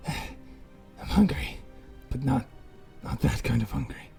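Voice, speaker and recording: A man voicing a hungry male rat that speaks into a mind, halting and sighing as it pleads. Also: mid-range voice, lively intonation, creaky, dark tone, faint music behind, exaggerated voice. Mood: pleading, furtive.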